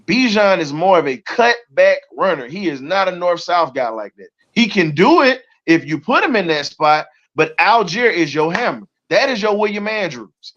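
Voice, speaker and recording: A man's voice: sits high, very animated, moderate pace, hardly any pauses, a bit bright. A man with a Southern US accent hosting a heated sports talk show, fired up and colorful in his trash talk. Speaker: show host. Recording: dull lo-fi audio.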